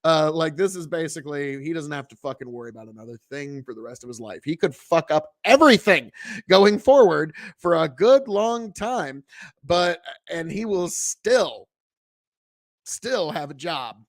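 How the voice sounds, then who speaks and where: A man's voice: on the high side, animated, moderate pace, dry recording. Blunt, swearing man on a dry mic. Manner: blunt, heavy swearing, rambling asides. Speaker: podcast host. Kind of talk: casual commentary.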